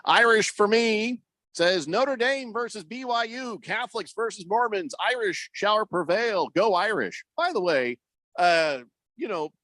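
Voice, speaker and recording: A man's voice: fairly high pitch, a bit bright, no echo. A man hosting a sports talk radio show, rambling and joking with many fillers on a studio microphone.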